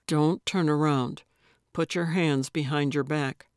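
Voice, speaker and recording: A gruff male secret agent, as a woman narrator lowers her voice for him, stern and terse. He gives curt, slow commands in a dry, close storybook recording. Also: steady tone, no room sound.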